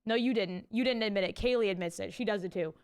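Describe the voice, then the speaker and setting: A woman's voice: medium pitch, fast talker, a little mellow. A young woman streaming from home, chatting casually with her viewers, reading chat aloud and swearing freely into a desk mic with a pop filter.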